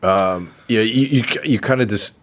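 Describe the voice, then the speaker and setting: A man's voice: on the low side, measured pace. A man hosting a podcast, asking loose, conversational questions that he restarts as he goes. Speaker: podcast host. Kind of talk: casual interview questions.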